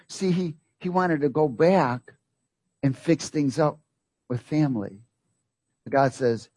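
Male preacher, fairly high husky voice, dry close sound; emphatic sermon delivery with repeated lines and call-outs to the congregation. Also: unhurried, pauses often, a little mellow, dry recording. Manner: emphatic, rhetorical questions to the congregation.

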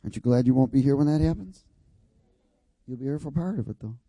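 Dark-voiced man preaching with call-and-response. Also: medium pitch, lively intonation, fast talker, dry recording. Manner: call-and-response, prompts congregation to repeat words; emphatic, repetitive preaching cadence. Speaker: pastor. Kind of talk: sermon.

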